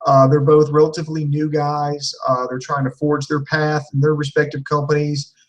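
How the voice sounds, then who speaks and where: Man, casual rambling reviewer, lots of fillers, swears, fairly high voice, a bit off-mic. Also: monotone, normal speed, far from the mic, muffled recording. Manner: rambling, filler-heavy, profane, enthusiastic. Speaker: wrestling show reviewer.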